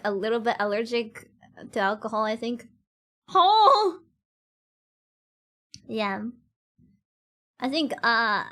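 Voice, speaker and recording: A woman's voice: fairly high pitch, a bit bright. A woman streamer chatting casually with her viewers, giggling and laughing often, with loose, slightly non-standard grammar.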